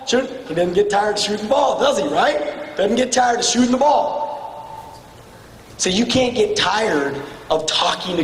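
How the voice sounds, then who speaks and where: A man giving a blunt, profane motivational speech to a room of salespeople, swinging between shouting and low, intense tones. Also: a little hiss or hum. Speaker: motivational speaker at a sales retreat. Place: large hall with an audience. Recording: echoey hall from far off with faint ambience.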